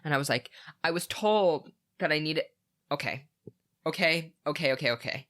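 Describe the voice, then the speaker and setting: A man co-hosting a casual podcast, recounting a story with animated energy. His voice is bright and forward. He leans on lots of "like" fillers. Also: on the high side, normal speed. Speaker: podcast co-host.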